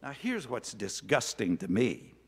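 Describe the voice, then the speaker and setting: A man preaching a sermon, telling a story in an animated, earnest way. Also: mid-range voice, unhurried, husky. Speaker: pastor. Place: church sanctuary. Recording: long church reverb.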